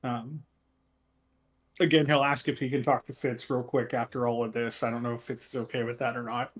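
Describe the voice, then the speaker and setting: A man's voice: mid-range voice, little pitch movement, fairly quick, breathy edge. A man narrating a tabletop game as game master, describing character actions with frequent fillers.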